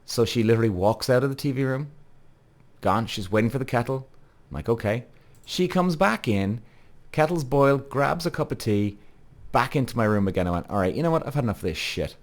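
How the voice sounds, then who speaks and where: A man's voice: medium pitch, lively intonation, fairly quick. Blunt, profane man in his thirties. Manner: blunt, profane, addresses listeners directly. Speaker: podcast host. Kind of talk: casual storytelling monologue.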